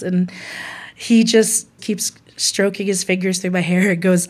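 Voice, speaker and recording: A woman's voice: mid-range voice, fairly even intonation, takes it slowly, pauses often. A young woman from Hawaii telling a candid personal story, laughing often and acting out what others said. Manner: candid, laughs often, quotes people with voices.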